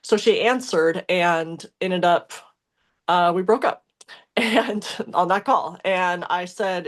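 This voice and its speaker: A woman's voice: on the low side, slow. A young adult woman on a podcast, talking in a casual, emotional way about a past relationship, with lots of fillers and restarts. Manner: emotional, rambling with many fillers and self-corrections. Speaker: podcast co-host. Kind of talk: casual conversational storytelling.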